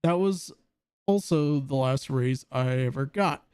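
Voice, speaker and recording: Male livestream host with a mellow voice and a somewhat high pitch. Halting delivery, dry sound. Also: clean tone, dry recording. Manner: halting, with frequent restarts. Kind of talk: reading a post aloud and commenting.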